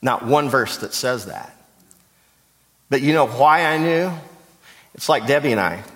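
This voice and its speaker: Energetic male pastor in an echoey hall. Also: medium pitch, unhurried. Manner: animated storytelling, rhetorical questions to the congregation. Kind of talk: conversational sermon. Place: church sanctuary.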